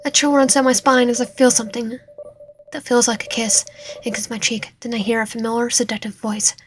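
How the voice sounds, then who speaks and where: A woman streaming a visual novel, reading its narration and dialogue aloud with lively reactions, now and then dropping to a whisper. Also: on the high side, a little fast, a little hiss or hum. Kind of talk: reading game text aloud while playing.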